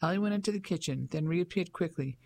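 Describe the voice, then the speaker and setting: A narrator reading a novel aloud in an even, measured way. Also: medium pitch, vocal fry. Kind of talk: audiobook narration.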